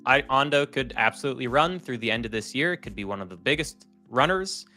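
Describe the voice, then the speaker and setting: A man's voice: mid-range voice, animated, fast talker, bright, forceful tone, faint music behind. A man from Maine with a light Maine accent, co-hosting a casual crypto chat and joking around. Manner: joking, slips into folksy drawl. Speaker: co-host.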